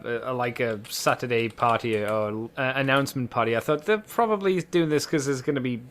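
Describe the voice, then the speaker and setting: A man's voice: mid-range voice, a little fast, fairly bright tone, slight background noise. A man co-hosting a casual podcast, laid-back and a little hesitant. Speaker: podcast co-host. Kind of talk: casual chat.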